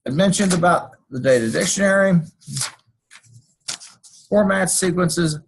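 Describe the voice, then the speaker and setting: A man's voice: sits high, measured pace, vocal fry, a little hiss or hum, rough recording. A man teaching a class over a screencast, walking through code and drifting into folksy personal stories. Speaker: college instructor. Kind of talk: screencast lecture.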